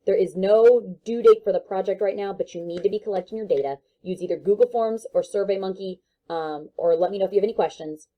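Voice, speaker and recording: A woman's voice: medium pitch, fast, few pauses, lo-fi sound. A woman teacher giving a recorded online lesson, talking in a casual, joking way with many fillers.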